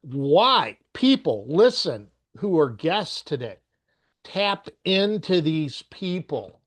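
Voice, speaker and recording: Slow-talking older man hosting. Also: a little high, sing-song. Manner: slow, affirming, many murmured agreements. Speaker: panel host. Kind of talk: panel discussion.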